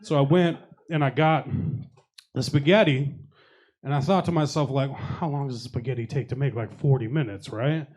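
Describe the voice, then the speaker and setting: A man's voice: medium pitch, normal speed, darkish tone. A young adult man doing a stand-up comedy set, telling profane, self-deprecating stories and teasing the audience. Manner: profane, self-deprecating storytelling with crowd work. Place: comedy showcase venue with live audience.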